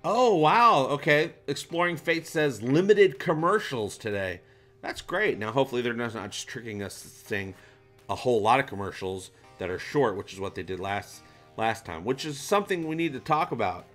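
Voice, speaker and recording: A man's voice: medium pitch, normal speed, soft background music. Man hosting a chatty livestream. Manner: animated, jokey, shout-outs to viewers. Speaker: livestream host. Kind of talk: casual livestream chat reading comments.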